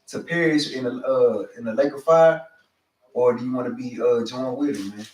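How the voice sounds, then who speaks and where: A man in a casual class discussion, relaxed and chatty, filling with "like" and "uh". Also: medium pitch, moderate pace. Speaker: class member. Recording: echoey room, mic far off.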